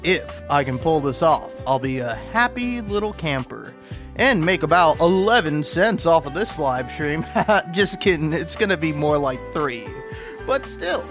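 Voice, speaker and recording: A man's voice: a little high, very animated, measured pace, music in the background. Rambling, self-mocking young male streamer. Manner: rambling, self-deprecating, many false starts. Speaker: gaming livestreamer. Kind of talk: casual live-stream chat.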